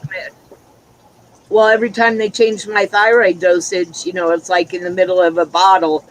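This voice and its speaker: Man with a high voice, frank casual chatter, exasperated storyteller. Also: level tone, moderate pace, slight background noise, rough recording. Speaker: livestream chat participant. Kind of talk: casual group chat.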